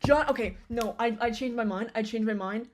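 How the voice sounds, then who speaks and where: A woman's voice: a little high, fairly quick, noisy background. A young woman streamer chatting casually on a live stream, rambling with many fillers and restarts.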